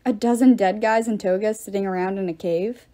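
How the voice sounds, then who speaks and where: A woman reading the part of a bold, clever teenage girl who talks back quickly and bluffs with confidence. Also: mid-range voice, steady tone, dark tone, natural voice. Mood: defiant.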